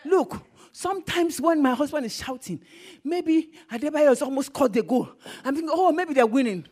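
High, animated woman preacher. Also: normal speed. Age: adult, married. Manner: animated, swings into bursts of shouting. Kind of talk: sermon.

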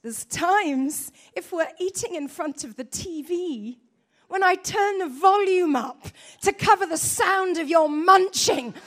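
A woman preacher quoting her husband's teasing remarks in her own high voice. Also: animated, slow pace, heavily acted. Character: dry, teasing adult husband.

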